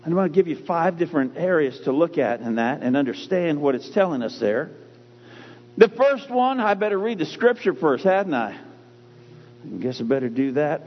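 Husky guy preaching, lots of ups and downs in his voice, drags out the big words, long echo like a big church. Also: a little high, very animated. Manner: emphatic, repeats key phrases with drawn-out stress. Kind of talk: sermon. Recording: dull recording with long hall reverb.

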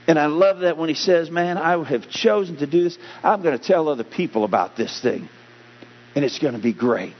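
A man preaching a sermon as pastor, animated, getting louder and slower to stress his points. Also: medium pitch. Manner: animated preaching, rising loud and slowing for emphasis. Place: church sanctuary. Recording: dull, humming church hall recording.

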